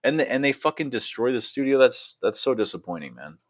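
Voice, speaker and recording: A man's voice: medium pitch, very animated, fairly quick. A young man hosting a casual gaming podcast, loose and profane, laughing a lot and reading game blurbs aloud. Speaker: podcast host.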